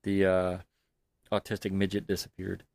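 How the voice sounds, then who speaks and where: A man's voice: sits low, monotone, normal speed, gravelly, a little mellow, no room sound. A man co-hosting a casual home podcast, telling stories animatedly and laughing often, close to a desk mic. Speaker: podcast co-host. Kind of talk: casual chat. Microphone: desk studio mic.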